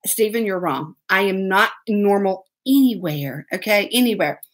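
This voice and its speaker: A woman hosting a live web show, greeting viewers by name in a bubbly, excitable way and laughing often. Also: mid-range voice, normal speed. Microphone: laptop mic.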